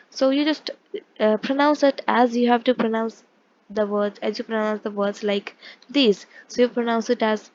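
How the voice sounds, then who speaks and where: Higher-voiced woman teaching a language lesson. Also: a little mellow, highs cut off. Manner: explains patiently, with frequent restarts and check-ins. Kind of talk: casual online lesson explaining pronunciation.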